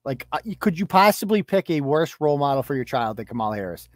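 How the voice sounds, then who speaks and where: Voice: mid-range voice, very animated, fast talker, no echo, studio quality. A podcast host delivering a profane, mocking rant as commentary. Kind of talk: ranting commentary.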